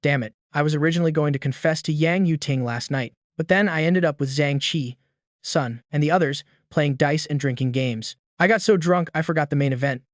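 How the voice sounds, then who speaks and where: Brief: gossipy hungover teen boy, read by a man in a fairly high, dry voice. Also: fairly quick, no echo, lightly acted. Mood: frustrated. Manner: frustrated, suspicious. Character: hungover teenage boy, gossipy school friend.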